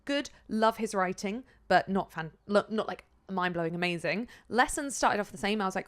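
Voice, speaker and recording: An animated woman co-hosting a book podcast. She chats freely, throwing in quick asides and the odd swear word. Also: medium pitch. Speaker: podcast co-host. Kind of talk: casual chat about books.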